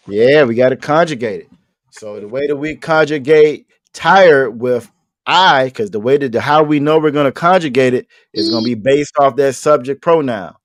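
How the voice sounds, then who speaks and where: A man's voice: mid-range voice, moderate pace, dry recording, studio quality. A man teaching an online language class, patiently repeating his questions and joking casually with his students.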